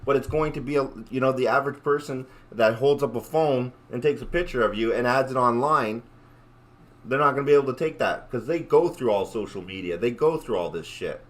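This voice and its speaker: A man hosting a livestream, commenting casually in a rambling way. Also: mid-range voice. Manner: rambling, full of fillers and restarts. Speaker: livestream host.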